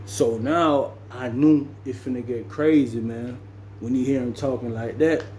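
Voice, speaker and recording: A man's voice: mid-range voice, steady tone, measured pace, darkish tone, slight background noise. A man from Jamaica telling a story in a slangy, loose, rambling conversational way. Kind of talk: casual storytelling.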